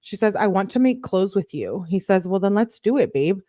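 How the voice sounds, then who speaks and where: A woman's voice: medium pitch, lively intonation, moderate pace, warm tone, dry recording, clean studio sound. A woman hosting a true crime channel, reading text messages aloud in a plain voice and breaking off for casual asides that lean on "like".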